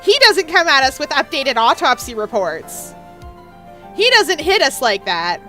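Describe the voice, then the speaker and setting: A woman streamer with a high, bright voice, chatting playfully through a casual gaming livestream. Her pitch swings lively as she reacts. Faint music plays behind her. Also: measured pace.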